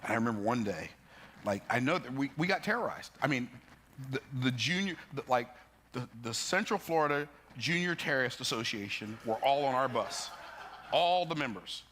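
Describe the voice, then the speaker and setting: A man with a bright, forceful tone giving a preacher-like motivational talk. He tells stories from his own life with emphasis and builds toward the point. He often leaps into sudden high bursts. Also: animated, normal speed, slight background noise. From United States. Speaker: motivational speaker.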